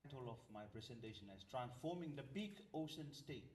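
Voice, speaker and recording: A man with an I-Kiribati accent giving a formal conference presentation for a government ministry, pausing often to restart his sentences. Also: medium pitch, animated, darkish tone, far from the mic. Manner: halting, with frequent hesitations and restarts. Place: large meeting hall. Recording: echoey hall, voice from off-mic.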